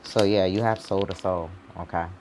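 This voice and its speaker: With a low, steady, slightly mellow voice at a moderate pace, a man does a rambling tarot reading for his channel against slight background noise. The reader's talk is loose and informal, packed with "like," "you know" and other fillers, plus the odd swear word.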